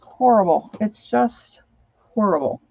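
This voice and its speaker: A woman's voice: medium pitch, expressive, a little slow, gravelly, dark tone, breathy edge, dry recording. A woman chatting casually while she works on a craft project, rambling, humming and singing bits to herself, and sleep-deprived. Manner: rambling, sings and hums to herself while working. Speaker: crafting vlogger. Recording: dull lo-fi home recording.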